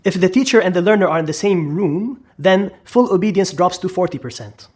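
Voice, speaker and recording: A man with a fairly high-pitched voice presents a psychology lesson. He narrates dramatically and keeps putting questions to the listener. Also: lively intonation, fairly quick, a little mellow. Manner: dramatic, asks the listener questions, acts out quotes. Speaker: psychology lecturer. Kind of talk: explainer video narration.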